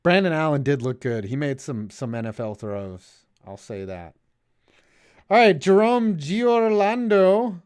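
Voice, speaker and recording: Smooth-voiced laid-back stream host. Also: male voice, moderate pace, few pauses. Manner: loose, profane, trailing off into low mumbles. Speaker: stream host reading viewer donations. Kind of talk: casual sports chat.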